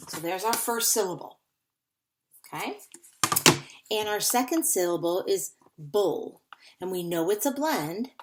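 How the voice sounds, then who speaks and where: A woman's voice: mid-range voice, darkish tone, a little hiss or hum. A woman teaching a phonics lesson to young children, patiently repeating words to sound them out.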